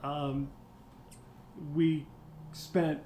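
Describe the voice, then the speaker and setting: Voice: mid-range voice, flat delivery, drawn-out words, mellow, roomy sound, slight background noise. A tabletop game player recapping the last session, joking along. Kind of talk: casual recap chat.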